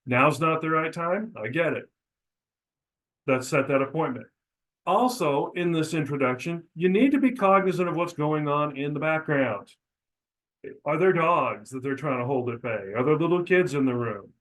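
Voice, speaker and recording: A middle-aged man gives an instructional talk on door knocking. His voice sits a bit high for a man, and he coaches in a direct way, now and then voicing sample lines to show how they should sound. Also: moderate pace, a bit bright, poor audio. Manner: coaching, demonstrates scripts aloud with pitch changes. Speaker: real estate broker and trainer.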